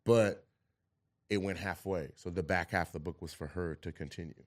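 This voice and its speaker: Deep-voiced man speaking thoughtfully. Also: moderate pace. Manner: reflective, searching for words. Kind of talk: casual chat.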